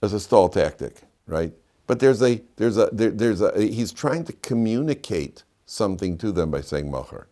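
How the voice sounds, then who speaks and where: A middle-aged rabbi giving a lively classroom lecture, telling stories and quizzing his students. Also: normal speed. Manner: animated storyteller, swings between loud emphatic peaks and low asides, quizzes students.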